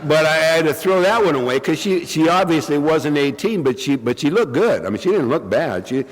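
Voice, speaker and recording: A man's voice: a little high, lively intonation, brisk. A man with bronchitis, coughing now and then, telling a wry, self-mocking story to a recovery meeting and acting out the quotes. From California. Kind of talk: humorous storytelling talk. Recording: reverberant hall.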